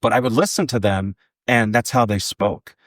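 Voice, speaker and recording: A man's voice: fairly low pitch, normal speed, a bit bright, no echo, clean studio sound. A man in his forties, a guest comedian, telling casual stories in a podcast interview, rambling with lots of fillers and restarts.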